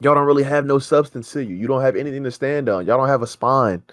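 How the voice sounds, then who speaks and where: A man's voice: mid-range voice, quick pace, no room sound. A man co-hosting a reaction show, ranting in heated, profane casual chat.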